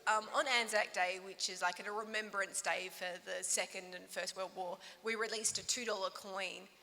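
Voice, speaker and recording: A woman's voice: mid-range voice, flat delivery, moderate pace, vocal fry, pushed and bright. An Australian woman from the audience asking a teasing question, with plenty of ums. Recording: hall reverb.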